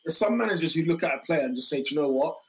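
A fairly high-voiced man with a hoarse, worn voice, talking football in a lively, emphatic way. He repeats his points and cuts in often. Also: very fast, rough recording. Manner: animated, interjecting, emphatic repetitions. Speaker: podcast host. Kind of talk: casual football chat.

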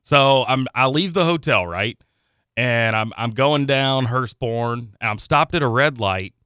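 A man, a radio producer, telling an animated story on air with acted-out quotes. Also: mid-range voice, measured pace, clean tone, dry recording, clean studio sound. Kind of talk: casual radio banter.

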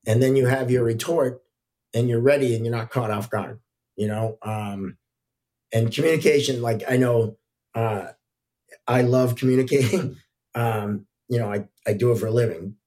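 A middle-aged man, a hockey referee, telling relaxed stories as a podcast guest, with frequent fillers. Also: mid-range voice, normal speed. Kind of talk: casual podcast storytelling.

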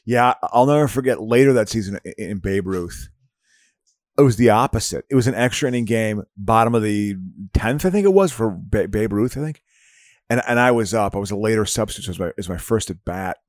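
A man's voice: on the low side, animated, a little fast, dry recording. Middle-aged guy rambling thru old sports stories, dry close sound. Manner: rambling storyteller with frequent restarts. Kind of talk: casual chat.

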